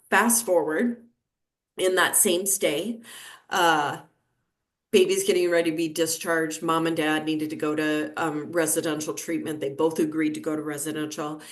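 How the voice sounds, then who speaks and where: A woman in her fifties, a neonatal nurse practitioner, telling a story in a conversational interview and acting out the dialogue of the people in it. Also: low voice. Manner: lively anecdotal telling, acting out quoted dialogue.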